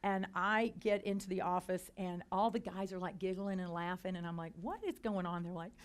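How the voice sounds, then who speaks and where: A middle-aged woman, a company founder and CEO, telling anecdotes to a business audience, chatty with quick restarts and quoted dialogue. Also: on the low side, fairly even intonation. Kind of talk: storytelling talk to a business audience. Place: lecture hall.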